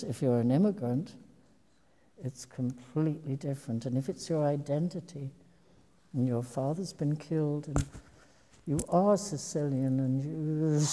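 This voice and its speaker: A woman's voice: low-pitched, measured pace, pauses often, dark tone. An older woman, an actress, telling meandering, reflective stories to an audience during a public talk. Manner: meandering, reflective storytelling with restarts. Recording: long hall reverb.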